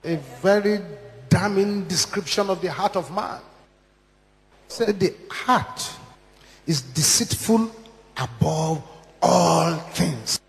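A man delivers a sermon in a strikingly high voice, hammering his points with repeated lines that climb and fall. His words ring out with the long reverb of a large church hall. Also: a bit bright. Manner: emphatic, repeating lines with strong rises and drops. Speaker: preacher.

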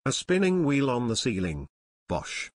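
A man's voice: mid-range voice, huge pitch swings, dry recording. A man reading as a stern, peppery older aunt. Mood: incredulous. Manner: brisk, sharp cross-examining.

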